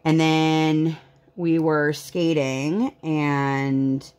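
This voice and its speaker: A woman's voice: low-pitched, flat delivery, drawn-out words, darkish tone, clean tone. A woman in her thirties chatting casually while she works on a craft, rambling with lots of fillers. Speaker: vlogger.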